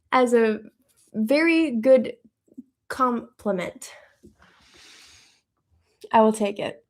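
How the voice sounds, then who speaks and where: An upbeat woman hosts a live stream, answering viewer questions in a loose, chatty way. She thinks out loud and keeps the talk relaxed and friendly. Her voice sits somewhat high. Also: takes it slowly, long pauses.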